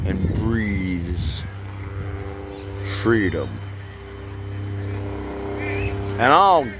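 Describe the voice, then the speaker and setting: A man, rambling through a profane, loose vlog monologue that swings between loud bursts and low mutters. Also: lively intonation, extremely slow, long pauses, loud music behind the voice. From United States. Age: 60s. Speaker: vlogger.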